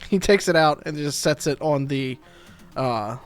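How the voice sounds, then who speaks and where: A man's voice: a little high, a little slow, clean tone, faint music behind. A man running a tabletop game as game master, easygoing and laughing often as he narrates.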